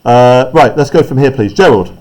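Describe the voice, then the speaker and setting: A male teacher walking a class through a play script at a mid pitch. He talks in a loose, conversational way, explaining as he goes and tagging his points with quick checks on the students. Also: darkish tone. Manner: chatty, explaining, often checks in with "right?". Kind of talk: classroom text analysis.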